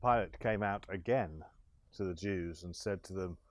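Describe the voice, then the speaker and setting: A man retelling scripture slowly and deliberately, with small restarts. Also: low voice, no echo. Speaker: scripture reader. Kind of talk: scripture storytelling.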